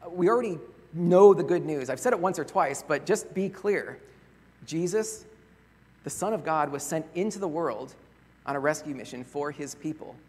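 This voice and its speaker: A pastor preaching in a church, his somewhat high voice husky and lightly worn. He talks in an earnest, conversational way, tossing out rhetorical questions. The sound carries a long reverb from the large room. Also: expressive, moderate pace, a little mellow. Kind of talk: sermon.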